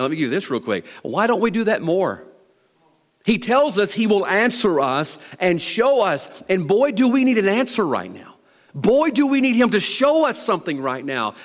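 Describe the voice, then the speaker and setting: A man with a Southern US accent preaching a sermon as pastor, folksy and teasing, repeating key lines for emphasis. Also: high voice. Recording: long reverb of a hall.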